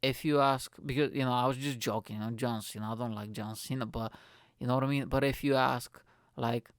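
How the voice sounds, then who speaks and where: A man's voice: mid-range voice, brisk, clean tone, dry recording. Rambling, profane man hosting a podcast. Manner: rambling, profane, animated storytelling. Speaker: podcast host. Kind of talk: casual solo podcast rant. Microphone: studio microphone.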